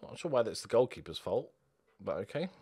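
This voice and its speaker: A young man giving a football video game live commentary, excitable and sweary, moving between quiet muttering and loud outbursts. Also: mid-range voice, quick pace, breathy edge. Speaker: gaming video host.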